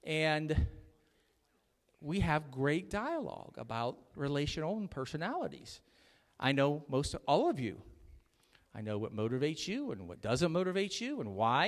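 A middle-aged man preaches a conversational sermon from the pulpit, teasing his congregation and asking them to answer back. His voice sits a little high and moves up and down a lot. The sound carries the long reverb of a large church sanctuary. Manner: chatty, jokey preaching with audience call-outs. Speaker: pastor.

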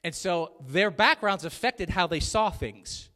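In a church sanctuary with long hall reverb, a middle-aged male pastor preaches in a high, bright, forceful voice, a little slowly. His sermon is chatty and full of jokes, and he calls out to his congregation.

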